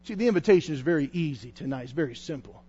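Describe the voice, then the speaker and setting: Male evangelist, high voice, fervent pulpit delivery with bursts of shouting; muffled lo-fi audio. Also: animated, rapid-fire, breathy edge. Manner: impassioned, rising to shouts. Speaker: traveling evangelist preacher. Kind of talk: sermon.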